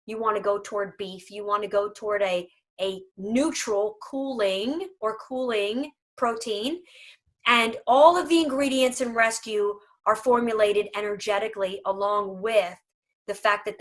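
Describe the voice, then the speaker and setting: A woman's voice: medium pitch, measured pace, fairly bright tone. A woman speaking for a dog food company in a casual video chat, emphatic, humorous and persuasive.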